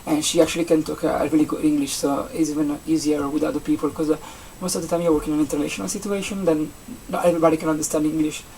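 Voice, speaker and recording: A young adult vlogger from Italy with an Italian accent, a native Italian speaker chatting casually in English, rambling and halting with many restarts and fillers. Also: medium pitch, little pitch movement, mellow. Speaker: vlogger, seasonal campsite entertainment worker. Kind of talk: casual vlog chat. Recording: distant mic with faint background noise.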